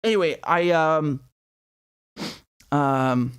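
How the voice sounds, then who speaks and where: A man's voice: a little high, very slow, clean tone, no room sound, studio quality. A young adult man hosting a live political commentary stream, talking in a heated, sarcastic and profane way, stumbling over restarts and reading viewer donation messages aloud. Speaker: independent political commentator and host.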